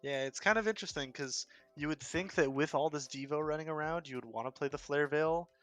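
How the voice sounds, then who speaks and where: Male caster, bright tone, upbeat analytical play-by-play, faint music bed. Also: a little high, brisk. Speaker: esports caster. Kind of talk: casual game commentary.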